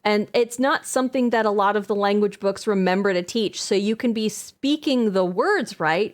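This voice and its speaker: A woman's voice: mid-range voice, moderate pace, few pauses. A woman streaming a game live, chatting casually in a rambling, enthusiastic way, full of filler words and self-corrections, laughing often.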